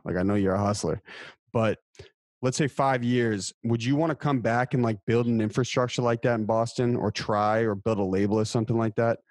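A man's voice: on the low side, darkish tone, no echo. A man hosting a casual podcast interview, asking questions in a laid-back, friendly way. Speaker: podcast host.

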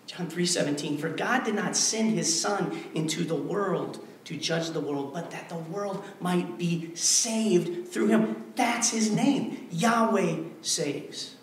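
A male pastor preaching a sermon, emphatic and repetitive, swinging between hushed passages and forceful declarations. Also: high-pitched, slow, few pauses, a little hiss or hum. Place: church sanctuary. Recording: very echoey church hall, mic far off.

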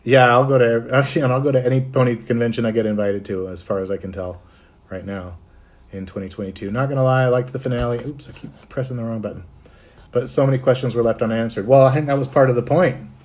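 A man's voice: mid-range voice, fast, a little mellow. A middle-aged man from Canada, a voice actor, chatting casually on a livestream, reading out fan comments and answering them.

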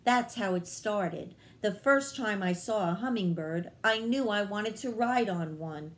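Small fairy girl, read by a woman: frightened, wary, shaky, storybook tone, slow. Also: medium pitch, close to an everyday voice. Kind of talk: children's read-aloud.

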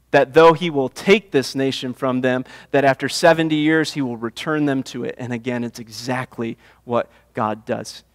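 A man's voice: medium pitch, in a large hall. A man preaching a sermon as pastor, building to impassioned emphasis and repeating his phrases. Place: church sanctuary.

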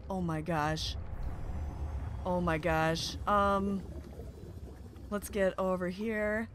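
A young woman hosting a game playthrough, commenting excitedly and often gasping "oh my gosh" at what she finds. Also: lowish voice, slow, long pauses, slight background noise. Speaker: gaming video host. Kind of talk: excited let's-play commentary.

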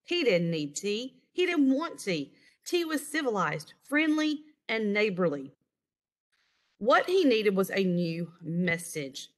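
A woman reading a children's picture book aloud in an expressive storytelling manner, recorded over a screen share. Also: mid-range voice, slow pace. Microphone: online screen-share recording.

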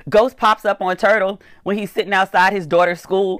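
A woman's voice: medium pitch, fairly even intonation, no echo, clean studio sound. A woman giving a casual, sassy recap of a TV episode, talking back to the characters and acting out their lines. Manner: acts out characters' lines in quick voices.

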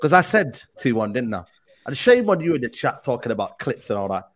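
A man's voice: medium pitch, big pitch swings, a little fast. A man with a London accent, a football pundit on a podcast, taunting a rival fan with boastful, heated banter.

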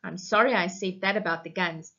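A woman's voice: fairly low pitch, brisk, fairly bright tone. A woman voicing an emotional, apologetic neighbor man in a story reading. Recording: muffled lo-fi recording.

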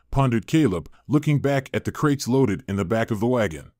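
Male audiobook narrator, steady even read, mid-pitched voice, close dry recording. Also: moderate pace, hardly any pauses, dry recording.

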